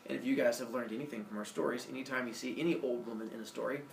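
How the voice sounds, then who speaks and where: A man's voice: medium pitch, steady tone, rapid-fire, creaky, slight background noise. A male teacher retelling a myth to his class in a playful, jokey way, acting out the characters. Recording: echoey classroom from far off.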